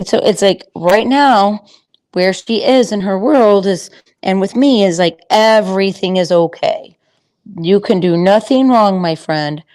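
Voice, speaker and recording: A woman's voice: mid-range voice, a little mellow. Chatty lady horse trainer rambling through a lesson, lots of ums and restarts. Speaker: horse trainer and confidence coach. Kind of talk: casual teaching talk.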